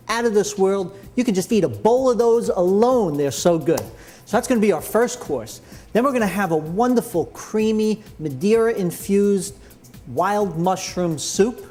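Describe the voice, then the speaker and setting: A man's voice: sits high, a little mellow. A man hosting a cooking show, chatting enthusiastically as he explains each step. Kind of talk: cooking demonstration.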